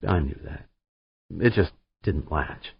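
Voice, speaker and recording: A man's voice: extremely low pitch, takes it slowly, slightly rough, no echo, dull audio, exaggerated voice. A man voicing a brash, joking woman spaceship pilot who talks bluntly and in slang, read in an audiobook. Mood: teasing.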